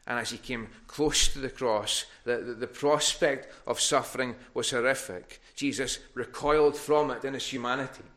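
A man's voice: mid-range voice, fairly even intonation, moderate pace, hardly any pauses, fairly bright tone. A man preaching a sermon in a church, earnest and given to restarts, rising in force on his appeals. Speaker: pastor.

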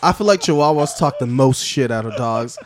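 Man, podcast co-host, casual chat, lively swooping pitch, crude jokes. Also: a little fast, a crowd in the background. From Texas. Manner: animated, swearing, doing silly animal voices.

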